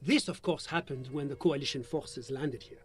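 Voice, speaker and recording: An actor voicing a polite, formal male bureaucrat commissioner in a video game, explaining things in a courteous, measured way. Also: medium pitch, slight background noise, natural voice. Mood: measured, explanatory. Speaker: game character.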